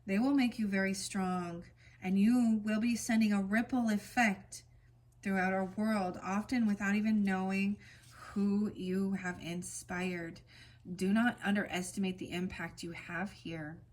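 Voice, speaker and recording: A woman's voice: mid-range voice, steady tone. Chatty woman giving an oracle card reading. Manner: chatty, rambling asides; reads card meanings in a soft, slow cadence. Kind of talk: casual spiritual card reading.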